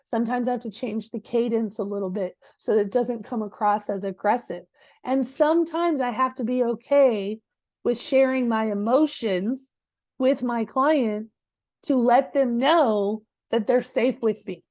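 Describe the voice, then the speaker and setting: In a live class, this woman, a real estate coach, speaks in a direct, conversational way, frequently checking in with listeners through rhetorical "right?"s. Her voice is fairly high, a little slow, and a little mellow, with no room sound.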